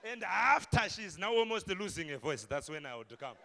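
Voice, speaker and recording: A pastor tells stories in his sermon, and his voice swings widely and breaks into shouts. His tone is high and bright. He sounds forceful and bursts into loud peaks. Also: normal speed, vocal fry, some chatter behind, slight background noise. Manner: animated storytelling with shouted peaks.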